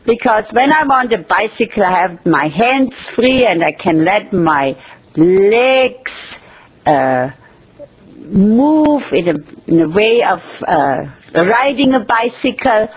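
A woman with a very husky, breathy voice gives an inspirational talk on loving yourself. She speaks slowly, with pauses and soft laughs. Her pitch sits a little high and rises and falls a great deal. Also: animated, dull audio. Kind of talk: inspirational self-love talk.

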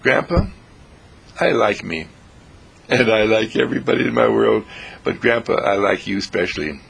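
A man voicing a loving, earnest nine-year-old grandson with a husky, creaky voice and a pleading, childlike manner. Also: fairly low pitch, lively intonation, moderate pace, a bit bright, full character voice. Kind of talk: storytelling.

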